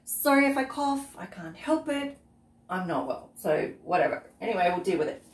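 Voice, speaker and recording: A woman's voice: fairly low pitch, big pitch swings, moderate pace. A woman, unwell with a cough, chatting in a rambling way while cooking for her vlog. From Australia. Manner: chatty, rambling, often trails off into asides. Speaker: vlogger. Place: outdoors on a windy day. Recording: roomy, far from the mic, faint background noise.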